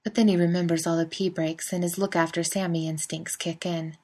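Woman reading a story in a slightly low voice. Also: level tone, fairly quick, dark tone. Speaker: reader. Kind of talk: fan fiction audiobook reading.

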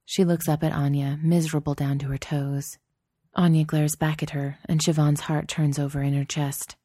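Low, mellow woman narrating a story. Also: flat delivery, normal speed, dry recording, studio quality. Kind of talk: audiobook narration.

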